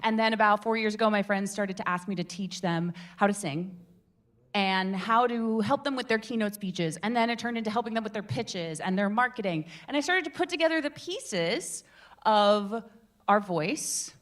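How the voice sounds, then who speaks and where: A woman in her twenties hosting a public speaking meetup, telling stories to a live group in a theatrical, animated way. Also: normal speed. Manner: animated, theatrical storyteller with big swings in pitch and volume. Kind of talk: lively workshop talk to a live group.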